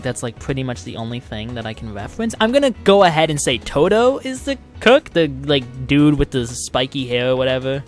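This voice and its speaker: A young man hosting a let's play, reading game text aloud and joking around in an animated way. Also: medium pitch. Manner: animated, jokey, quick to laugh.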